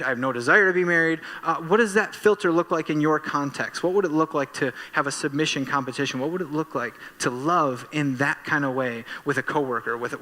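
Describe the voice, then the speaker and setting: A man preaching a church sermon as pastor, animated and self-deprecating, bursting into excitement while telling stories. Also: mid-range voice, in a large hall. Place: church sanctuary.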